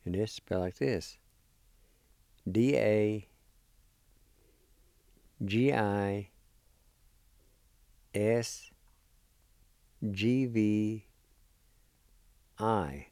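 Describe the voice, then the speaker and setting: A man teaching a language lesson, spelling words letter by letter and pronouncing them slowly and deliberately. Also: fairly low pitch, darkish tone, clean tone, no room sound, studio quality.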